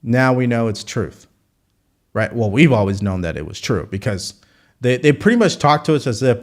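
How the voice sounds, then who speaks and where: A man's voice: mid-range voice, sing-song, moderate pace. Male host, live political commentary, punchy rhetorical delivery, mid-range voice. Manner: rhetorical, repeats questions for emphasis.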